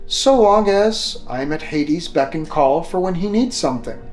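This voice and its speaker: Tabletop role-play: a man doing a cold, condescending vampire lady of a castle, slow and deliberate, voiced a little lower than his own tenor, with faint music under it. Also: expressive, darkish tone. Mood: haughty. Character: arrogant ancient vampire noblewoman ruling a castle.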